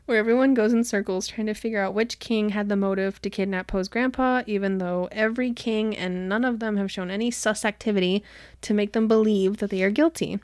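A young woman co-hosting a podcast, chatty and quick as she retells a story, with lots of "like" and quoted lines. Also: medium pitch, fairly even intonation, darkish tone, no echo, clean studio sound. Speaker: podcast co-host. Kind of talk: casual book recap chat.

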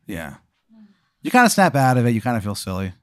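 A man's voice: mid-range voice, huge pitch swings, a little fast, fairly bright tone, no room sound, studio quality. A man improvising a story as game master, rambling with many fillers.

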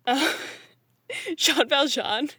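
A woman's voice: high-pitched, extremely slow, bright, forceful tone, no echo, clean studio sound. A woman in casual chat, ranting in exasperation and laughing often.

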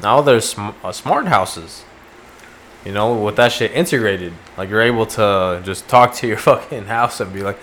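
A man's voice: lowish voice, normal speed, fairly bright tone, slight background noise. A man co-hosting a casual podcast, telling stories animatedly with lots of swearing and laughter. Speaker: podcast co-host. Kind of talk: casual chat.

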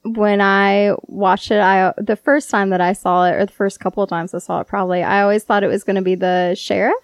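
A woman's voice: medium pitch, level tone, brisk, dry recording. A woman guest on a casual podcast, talking chattily with lots of hesitations and fillers.

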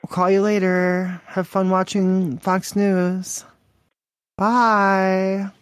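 A man's voice: high voice, completely flat delivery, slow pace, clear, resonant tone. A man hosting a crude prank call podcast, mocking and rambling with lots of profanity.

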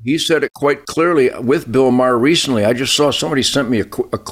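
A man's voice: mid-range voice, fast, fairly bright tone. An older man hosting a political talk show, ranting fiery and emphatic, with lots of repetition. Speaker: show host.

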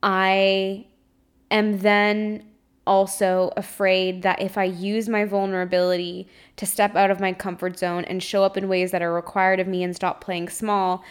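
A woman's voice: medium pitch, level tone, unhurried, clear, resonant tone. A young woman hosting her own podcast, talking openly and at length about her fears, searching for words and swearing freely. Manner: emotionally open and confessional. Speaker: podcast host and spiritual coach. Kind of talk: candid solo podcast monologue.

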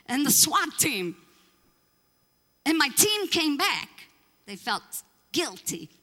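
A woman pastor telling a story from the pulpit in an animated way, acting out the voices of the people she quotes. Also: high voice, slow pace, big-room sound. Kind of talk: storytelling sermon.

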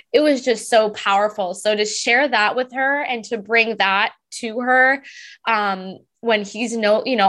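A woman's voice: on the high side, sharp tone. A woman from Southern California, a psychic medium guest, talking about her readings in an effusive, enthusiastic way. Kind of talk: casual interview.

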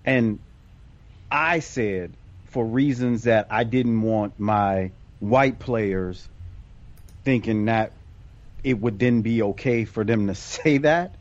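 Man, mid-pitch, casual podcast guest, repeats and restarts, dull lo-fi line. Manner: halting, repeats words, restarts often. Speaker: youth sports coach.

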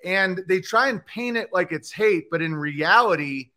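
Male comedian guest, high bright voice, profane fast-shifting rant with mock voices. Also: animated. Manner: ranting, profane, jumps into mocking put-on voices. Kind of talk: animated podcast chat with comic bits.

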